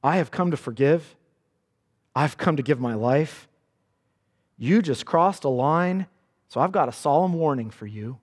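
A man's voice: on the high side, expressive, a little slow, pauses often, darkish tone, in a large hall. A male pastor preaching a sermon with earnest emphasis, quoting scripture dramatically.

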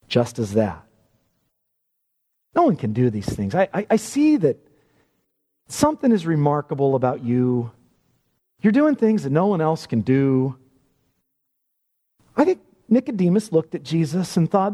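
A man's voice: a little high, dark tone. A man preaching a sermon with emphatic, repeated phrasing. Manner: emphatic, repeats words when stressing points. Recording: long hall reverb.

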